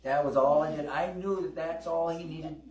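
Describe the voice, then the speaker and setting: A man's voice: a little high, steady tone, normal speed, a little mellow. A middle-aged man delivers a sermon in a slightly raised voice. He speaks conversationally, telling stories and calling out to his congregation. The sound is echoey and distant, as if picked up from across a church hall. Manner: conversational storytelling, with calls to the congregation. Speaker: preacher. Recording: echoey hall, preacher away from the mic.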